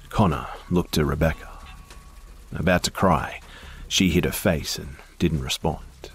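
Male horror narrator, very deep voice, husky, grim and measured delivery. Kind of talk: first-person horror story narration.

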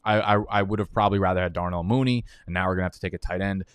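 A man's voice: low-pitched, fairly even intonation, racing, hardly any pauses, clean tone, no room sound. A young man streaming live, rambling through fantasy football draft picks in profane, heated rants. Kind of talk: casual live-stream commentary while drafting.

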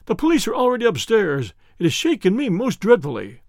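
A man's voice: high voice, wildly swooping pitch, a little fast, creaky, no echo, studio quality, pitched above the performer's own voice, exaggerated voice. A man voicing a shaken, agitated male doctor who speaks in a breathless, distressed way.

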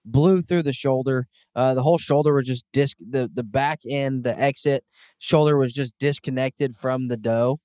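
A man's voice: medium pitch, moderate pace, dark tone, dry recording, clean studio sound. A man in his thirties hosting a casual podcast, talking earnestly and enthusiastically with frequent "um"s. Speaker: podcast host. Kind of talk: casual hunting podcast chat.

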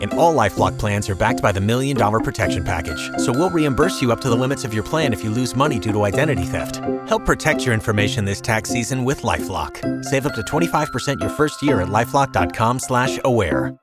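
A man reading a scripted ad in a smooth, steady, persuasive manner. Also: medium pitch, fast talker, hardly any pauses. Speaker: ad announcer. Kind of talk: scripted ad read. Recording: voice over loud music bed.

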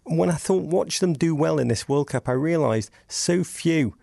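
A middle-aged Englishman with a gravelly, mellow voice tells stories in animated bursts. His pitch leaps up for emphasis, and the recording is dry and close. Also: moderate pace, no room sound. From England. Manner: vivid, storytelling delivery with bursts of rising emphasis. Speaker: podcast guest. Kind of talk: animated casual chat.

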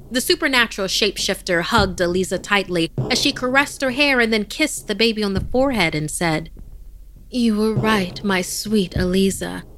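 A woman narrating a horror story podcast as its host, in a measured, dramatic storytelling voice. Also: mid-range voice, a bit bright.

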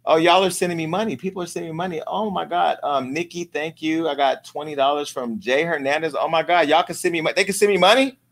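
Brief: male comedic gossip host, sassy and theatrical, bright edgy tone. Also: fairly high pitch, quick pace, few pauses. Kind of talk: comedic celebrity gossip commentary. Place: home studio with lights.

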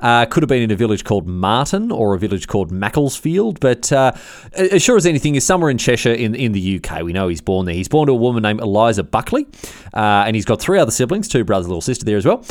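Brisk, lively Australian bloke. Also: male voice, mid-range voice, no room sound, studio quality. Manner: blokey and animated, peppered with slang and fillers. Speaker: podcast host. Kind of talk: casual history podcast chat.

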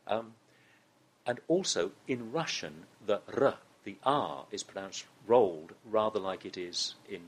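A man's voice: on the low side, animated, measured pace, slightly rough. A man with a Southern English accent, a guest in an interview, telling a story with many restarts. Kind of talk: conversational interview.

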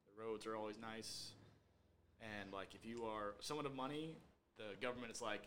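A man's voice: fairly low pitch, fairly even intonation, moderate pace, a bit bright, a little hiss or hum. A man co-hosting a podcast, talking animatedly and laughing often in casual chat. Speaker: podcast co-host.

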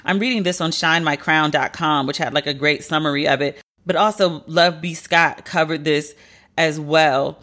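Blunt, animated woman podcast host. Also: moderate pace. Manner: animated, blunt and profane, sharp pitch jumps for emphasis. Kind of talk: casual commentary podcast.

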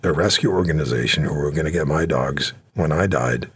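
A man hosting a talk show, telling stories and jokes in an animated, jokey way. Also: extremely low pitch, brisk. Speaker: radio talk show host. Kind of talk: casual storytelling talk.

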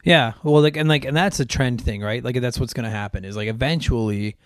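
A man's voice: medium pitch, a little fast, no room sound, clean studio sound. A man hosting a podcast, chatting casually and rambling with lots of filler words. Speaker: podcast host. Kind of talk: casual chat.

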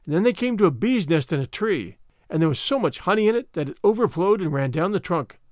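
Storyteller, male, measured expressive delivery, dry close sound. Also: high-pitched, no room sound. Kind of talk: fairy tale reading.

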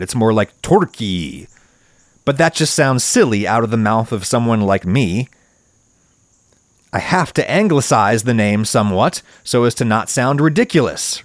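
A man's voice: no room sound, clean studio sound. A man hosting a solo video essay, giving opinionated commentary in a wry, emphatic way and leaning hard on stressed words. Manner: wry, emphatic, wide swings in pitch for stress.

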